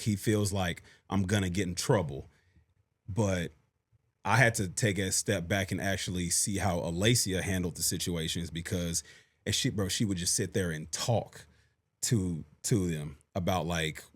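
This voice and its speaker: A man's voice: low voice, moderate pace. A man, reflecting on fatherhood in a casual podcast chat. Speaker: podcast co-host.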